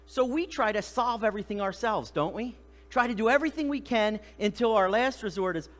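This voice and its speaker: A man's voice: high voice, brisk, long reverb tail. A middle-aged man preaching a sermon in a church. He talks in a conversational way, asks the congregation questions and acts out the voices of the people in the story. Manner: animated, acts out voices of the disciples and Jesus. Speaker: pastor. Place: church sanctuary.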